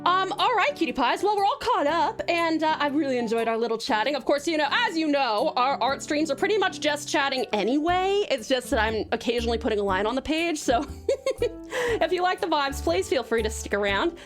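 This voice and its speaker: Young Australian woman streamer, slight American twang, high, lively, sing-song delivery. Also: fairly quick, soft background music. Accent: Australian with American traces. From Tasmania, Australia. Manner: bubbly, greets viewers with playful pet names, laughs often. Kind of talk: casual live-stream chat.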